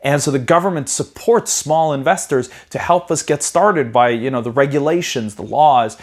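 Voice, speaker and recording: A property investing educator shares his personal story in a mid-range voice, speaking conversationally with plenty of "you know" and quick restarts. He gets livelier whenever he retells a conversation.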